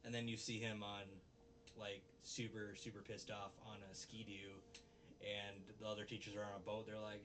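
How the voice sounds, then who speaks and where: A man co-hosting a podcast, casually recapping an anime episode and acting out the characters' lines with animated flair. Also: fairly low pitch, moderate pace, recorded from a distance. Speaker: podcast co-host.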